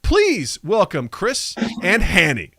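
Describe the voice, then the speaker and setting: Animated, goofy man hosting a podcast. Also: high-pitched, slow, dry recording, shouting. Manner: goofy, self-mocking, animated. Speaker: podcast host. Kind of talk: casual podcast chat.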